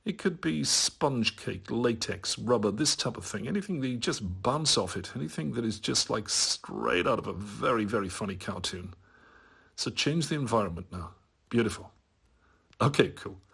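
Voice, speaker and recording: A man leading a slow guided visualization, soothing and gently playful as he talks the listener through the steps. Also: medium pitch, expressive, gravelly, slightly rough. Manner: slow, soothing guidance with playful rising bursts.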